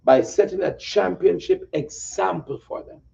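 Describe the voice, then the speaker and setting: A male host and preacher with a gravelly, mellow voice, affirming his guest and repeating the guest's lines back to him. He sits back from the mic, and the sound is dull and muffled. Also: sits high, normal speed, distant mic. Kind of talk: casual interview chat.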